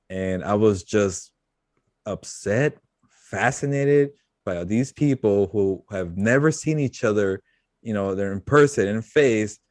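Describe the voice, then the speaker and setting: Low-voiced guy co-hosting, joking around, tosses in spanish words, dry mic. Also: darkish tone, no room sound. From Latino American. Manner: playful, mixes in Spanish words. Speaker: podcast co-host. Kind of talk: casual chat.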